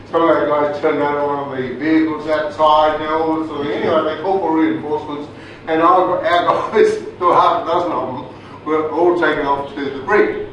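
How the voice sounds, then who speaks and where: A man's voice: on the high side, a bit bright. An older man with an Australian accent, telling stories to a training group in a casual, chatty way, often checking in with the room. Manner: casual, chatty, restarts phrases, checks in with "right?". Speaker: resilience trainer, speaker. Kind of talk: storytelling lecture to a group. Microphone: far room mic. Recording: echoey room from far off, background noise.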